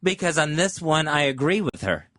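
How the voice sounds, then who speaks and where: A man co-hosting a radio show, talking earnestly and haltingly with many fillers. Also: on the high side, very animated, fairly bright tone, dry recording, clean studio sound. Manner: earnest, hesitant, filler-heavy. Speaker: radio co-host. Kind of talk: casual studio banter. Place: radio studio.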